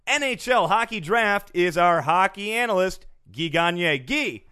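Male podcast host, flustered, stammering, fairly high voice. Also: lively intonation, unhurried, hardly any pauses, sharp tone, clear, resonant tone, faint music behind. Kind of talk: casual comedic chat.

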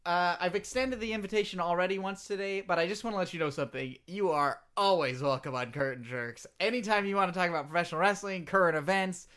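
A man's voice: high-pitched, fast talker, few pauses, fairly bright tone. A man with an English accent hosting a comedy podcast, rambling and hesitant with lots of fillers. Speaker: podcast host.

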